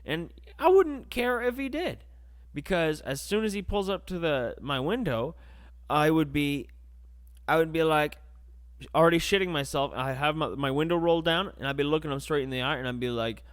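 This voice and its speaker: A young podcast host with a slightly high voice speaks at normal speed. He tells a crude comedic story in an animated way, acting out the different voices.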